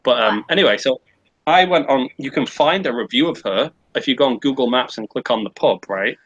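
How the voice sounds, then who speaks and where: Husky man telling a pub story. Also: mid-range voice, a little fast, a bit bright, dry recording, muffled recording. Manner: rambling anecdote with swearing and impressions. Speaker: podcast co-host. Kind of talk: casual storytelling chat.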